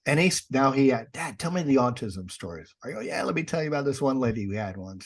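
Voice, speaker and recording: Animated and fairly quick with few pauses, this medium-pitched voice comes from a middle-aged podcast guest. He's a paranormal investigator and author telling casual stories with wry sarcasm, acting out the lines of dialogue.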